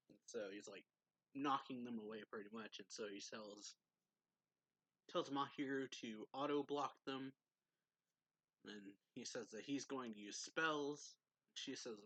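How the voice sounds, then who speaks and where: A man's voice: medium pitch, fairly even intonation, measured pace, bright, forceful tone. A man giving a casual, rambling recap of a manga chapter as a reviewer. He fills his talk with "like" and reads quoted lines aloud along the way.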